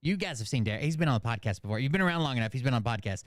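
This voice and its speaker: Guy reacting to drama clips, rambly and sweary, smooth clear voice, dry close mic. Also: mid-range voice, expressive, racing, no room sound. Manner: rambling, profane, sarcastic. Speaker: commentary channel host. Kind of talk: casual reaction commentary.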